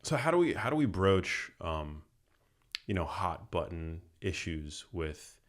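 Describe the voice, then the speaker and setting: Low-voiced man asking meandering questions. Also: sing-song, a little slow. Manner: hesitant, many fillers and restarts. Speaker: podcast host. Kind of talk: casual interview questions.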